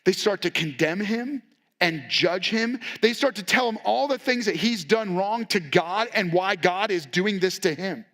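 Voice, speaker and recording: A male pastor preaching a sermon with a notably high-pitched voice. He talks in a casual, candid, conversational way, stepping into quoted lines as he goes. The delivery stays relaxed and direct with his listeners. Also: measured pace. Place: church.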